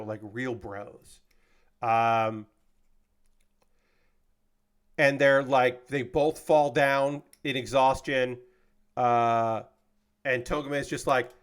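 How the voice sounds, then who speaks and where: A man talking casually on a livestream as he recaps a show. His speech is loose and sprinkled with curses, fillers and false starts. He keeps a steady middle pitch and turns heated and indignant over characters he finds unfair. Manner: loose and profane, with many fillers and restarts; gets heated and indignant when he talks about unfair characters. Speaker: streamer recapping an anime episode.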